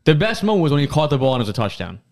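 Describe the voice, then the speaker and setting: A man co-hosting a sports podcast, telling excitable stories about games in casual chat. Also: fairly high pitch, racing. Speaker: podcast co-host.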